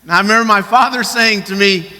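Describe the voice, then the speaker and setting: A man from Colorado preaches with a high, piercing, very bright voice. He is earnest and questioning, moving between quick stretches and slow emphatic phrases. His voice carries a long reverb from the church hall. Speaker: pastor. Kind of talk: sermon.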